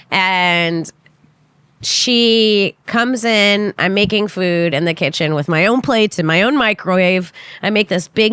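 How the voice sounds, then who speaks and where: A young woman on a podcast, casually telling a story in an animated way and acting out the quotes with big jumps in pitch. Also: smooth, no room sound. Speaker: podcast guest, comedian.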